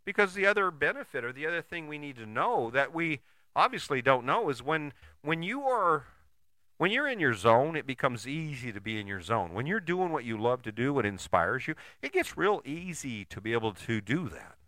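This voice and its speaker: A man's voice: on the high side, very animated, normal speed, pushed and bright, no room sound, studio quality. A man giving a blunt, profane, emphatic motivational monologue, full of rhetorical questions and restarts.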